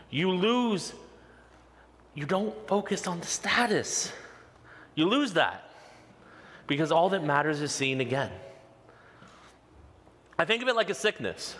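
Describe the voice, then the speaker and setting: A man preaching with fervent, emphatic delivery, his voice bright and forceful and pitched a little high. Key lines come slow and repeated. A long reverb rings around him in a large church hall. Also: sing-song. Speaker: pastor. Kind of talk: sermon. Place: church sanctuary.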